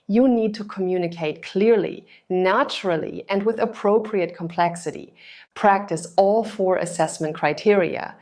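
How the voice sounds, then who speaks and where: A woman giving a scripted English exam lesson, speaking clearly and deliberately and over-articulating the example words. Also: medium pitch, a little mellow. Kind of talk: scripted instructional narration.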